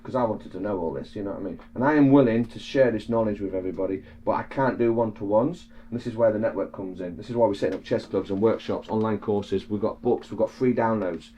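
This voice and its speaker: A man's voice: on the low side, mellow. A man giving an emphatic, teaching-style explanation, asking rhetorical questions as he goes. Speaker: speaker explaining legal ideas. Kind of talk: animated explanatory talk. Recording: slightly dull, lo-fi sound.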